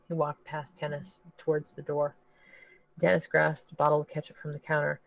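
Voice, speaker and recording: Flat, measured male narrator. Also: on the high side, gravelly, dry recording, low-quality recording. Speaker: podcast host reading a novel. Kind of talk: audiobook narration.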